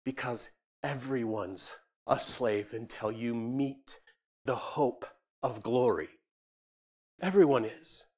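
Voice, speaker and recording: Man preaching, storytelling sermon, acts out voices, loud then hushed. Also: medium pitch, takes it slowly. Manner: storytelling, acts out dialogue, shifts from loud to quiet. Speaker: ministry leader speaking to a church.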